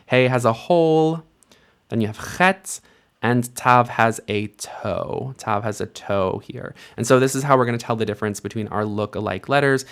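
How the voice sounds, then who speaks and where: A young man teaching Biblical Hebrew, explaining letters patiently step by step and slowing down to read verses aloud. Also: medium pitch, a bit bright, clear, resonant tone. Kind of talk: instructional lesson with slow read-aloud.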